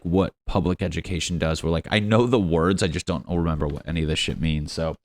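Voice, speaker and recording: A man's voice: low-pitched, no room sound. A young man hosting a solo comedy podcast, crude, sarcastic and self-mocking as he rambles. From United States. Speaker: podcast host.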